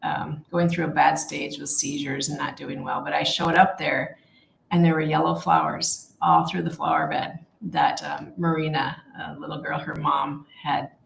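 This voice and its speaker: A woman leading a casual Bible study, talking in a heartfelt, halting way with many fillers and restarts. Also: low voice, flat delivery, creaky, echoey room, slight background noise, poor audio.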